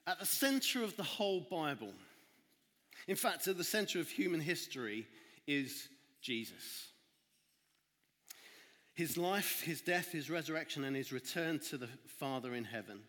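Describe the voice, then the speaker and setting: A man's voice: fairly high pitch, animated, moderate pace, a bit bright. A man giving a church children's talk, reading a Bible story and retelling it with dramatic asides. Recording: echoey hall.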